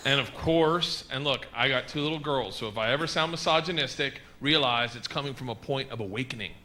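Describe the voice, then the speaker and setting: A man doing a stand-up set, telling stories loudly with shouted bits, on a noisy live stage recording. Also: mid-range voice, brisk, some chatter behind. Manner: loud, rowdy storytelling with shouted bits. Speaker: stand-up comedian.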